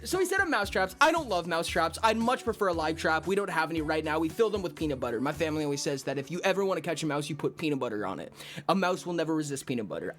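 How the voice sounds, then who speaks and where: A man telling a story in casual stream chat, animated and profane, with lots of exclamations. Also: fairly high pitch. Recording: faint music in background.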